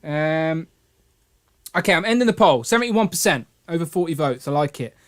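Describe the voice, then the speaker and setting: Man, livestream host, casual chat, jokey, slightly high voice. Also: lively intonation, normal speed. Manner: chatty, jokey, reads out chat comments.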